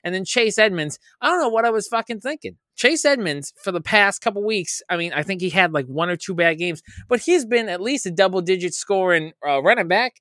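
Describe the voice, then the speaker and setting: A man's voice: sits high, animated, a little fast, hardly any pauses, bright, forceful tone, no echo, studio quality. A young man co-hosting a podcast, ranting casually with lots of swearing and mock-quoted asides. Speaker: podcast co-host. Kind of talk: casual fantasy football chat.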